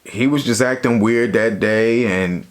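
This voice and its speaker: A young man casually telling a story from his own life to his viewers, in a slangy, relaxed way. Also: fairly low pitch, unhurried. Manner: slangy, relaxed, lots of "you know". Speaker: YouTuber.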